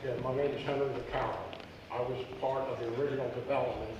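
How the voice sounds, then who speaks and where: A man's voice: medium pitch, steady tone, quick pace, muffled recording, background noise. A man making a blunt, angry public comment at a city council meeting, swearing as he speaks. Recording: echoey hall from far off, crowd murmur.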